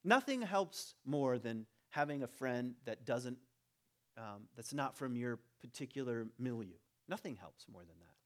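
A man's voice: medium pitch, lively intonation, a little slow, fairly bright tone. A middle-aged man from the United States, a church teacher telling a candid, self-deprecating personal story to a congregation, with many restarts and fillers.

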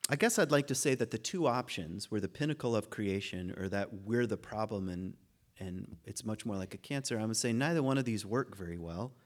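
A man's voice: lowish voice, brisk. A man giving an informal philosophy lecture to a class, musing aloud, laughing at his own points and often restarting his sentences.

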